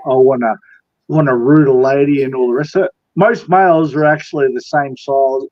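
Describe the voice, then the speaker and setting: A man's voice: mid-range voice, a little mellow, no echo, dull audio. A man with an Australian accent chatting bluntly and rambling, with plenty of swearing. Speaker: podcast co-host. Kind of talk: casual chat.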